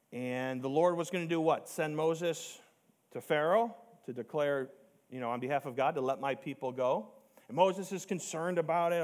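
A man preaching a sermon, emphatic, slowing down to stress key words and rising to near shouts on key points. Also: fairly high pitch. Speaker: pastor.

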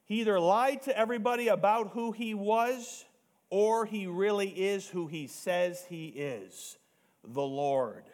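Pastor, male, fairly high voice, emphatic sermon delivery with slowed-down stresses. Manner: emphatic, rising to near shouts on key points; slows down to stress key words.

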